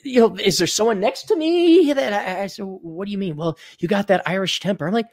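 A man's voice: high-pitched, normal speed, vocal fry, no echo, studio quality. A man co-hosting a casual podcast, telling stories and acting out quoted voices. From United States. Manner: animated, acts out quoted voices. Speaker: podcast co-host.

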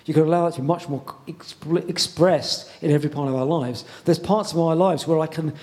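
A man preaching a sermon in a conversational way, pausing often and repeating words as he goes. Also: fairly high pitch, a little mellow.

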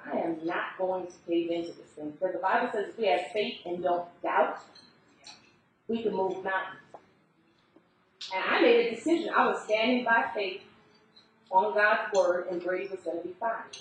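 A woman preacher telling a testimony in a sermon, acting out the people she quotes in lively storytelling. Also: mid-range voice, a little hiss or hum. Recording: very echoey hall, speaker far from the mic.

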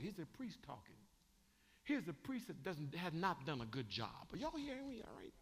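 A man preaching a sermon as bishop, swinging from shouting to chatty asides. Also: on the high side, big pitch swings, moderate pace, husky, long reverb tail. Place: church sanctuary.

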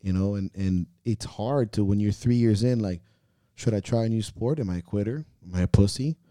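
Sighing often and letting his thoughts drift into silence, a man on a podcast candidly admits his coaching fears, swearing and questioning himself in an earnest way. His voice is low and very dark. It's captured dry and up close, without any room sound.

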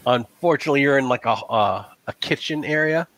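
A man's voice: medium pitch, a little fast, a bit bright, dry recording. A man narrating a tabletop game as game master in a casual, rambling way, with lots of "like" and "um.".

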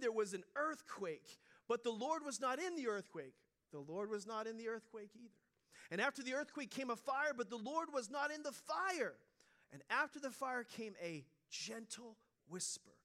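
A middle-aged man preaching a sermon in a conversational storytelling way, dropping to a hush and then rising loud. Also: very high-pitched. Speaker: pastor.

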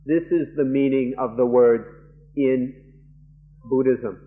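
A male monk interprets a dharma lecture live, working through each idea in short, deliberate phrases with pauses and restarts. He talks very slowly at a middling pitch. The sound is a narrow, muffled archival tape. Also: fairly even intonation. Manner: measured, halting phrases with frequent pauses and restarts.

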